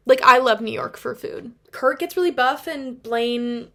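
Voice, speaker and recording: A woman's voice: a little high, normal speed, few pauses, fairly bright tone. A young woman telling a story in a casual video essay, chatty and gushing, with lots of fillers and some swearing.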